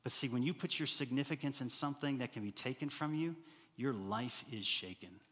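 A man preaching a sermon as pastor, animated and rising to loud, emphatic bursts. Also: mid-range voice, a little fast. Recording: hall reverb.

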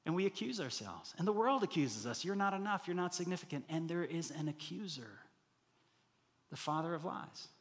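A man's voice: on the high side, lively intonation, moderate pace, big-room sound. A middle-aged man preaching a sermon earnestly, building to emphatic peaks and acting out the inner voices he describes. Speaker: pastor.

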